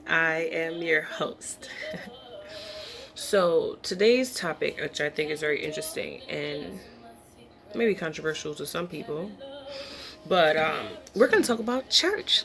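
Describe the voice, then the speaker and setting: Woman vlog host, lowish voice, chatty, rambling, upbeat monologue. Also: a bit bright. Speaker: host of her own show.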